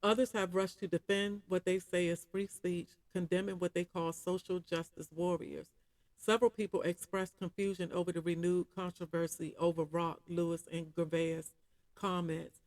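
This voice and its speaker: A woman's voice: fairly low pitch, flat delivery, moderate pace, darkish tone, no room sound, studio quality. A woman commentating on camera, reading out an article and breaking off often to talk to her viewers. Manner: keeps calling the audience y'all. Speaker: video commentator reading a news article aloud. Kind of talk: casual reaction commentary.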